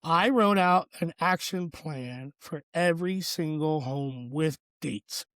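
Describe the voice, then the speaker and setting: A man with a somewhat high-pitched voice tells a personal story on a podcast. He sounds earnest and reflective and leans on lots of fillers. The recording is close and dry. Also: slow pace, fairly bright tone, no room sound. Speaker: podcast co-host.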